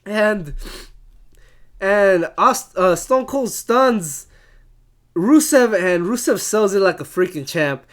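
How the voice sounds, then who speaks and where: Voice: medium pitch, lively intonation, slow, pauses often. A casual reviewer ranting in an exasperated way, laughing often and swearing freely. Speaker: wrestling show reviewer.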